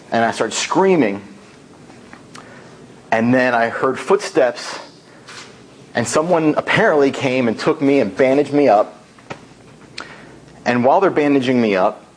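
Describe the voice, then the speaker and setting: A man giving a tall-tale speech at a speaking club, telling it in an animated storytelling manner. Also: medium pitch, a little hiss or hum, low-quality recording.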